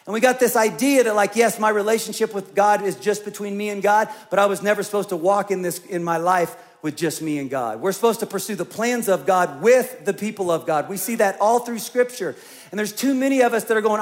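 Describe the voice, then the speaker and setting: A man's voice: high-pitched, fairly quick. A male pastor preaching a conversational sermon, acting out voices in his storytelling. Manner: conversational, acts out quoted voices.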